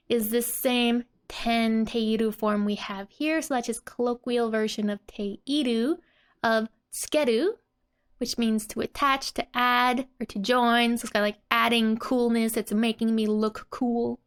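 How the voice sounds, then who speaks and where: A young adult woman teaching a language lesson in a casual, explanatory way, giggling often between her explanations. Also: fairly high pitch.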